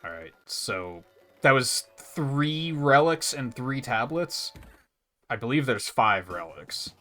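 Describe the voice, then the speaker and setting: A man's voice: mid-range voice, sing-song, takes it slowly, sharp tone, faint music behind. A man streaming a video game, chatting casually in a rambling way, with restarts and casual swearing. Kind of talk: casual let's-play commentary.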